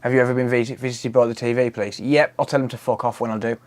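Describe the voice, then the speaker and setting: A man's voice: mid-range voice, level tone, racing, darkish tone, a little hiss or hum. A British man chatting casually as the host of a live stream at home, reading out and answering viewer comments and swearing freely.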